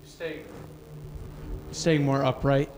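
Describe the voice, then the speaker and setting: A man's voice: medium pitch, little pitch movement, extremely slow, darkish tone, a little hiss or hum. Hesitant man answering from the audience. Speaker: workshop attendee. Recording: distant in a reverberant hall.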